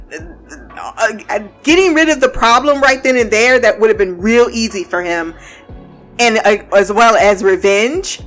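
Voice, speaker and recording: A woman's voice: fairly high pitch, lively intonation, a little slow, a bit bright, faint music behind. A woman giving a casual, blunt and profane recap of a TV show, often breaking into laughter. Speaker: TV show reviewer.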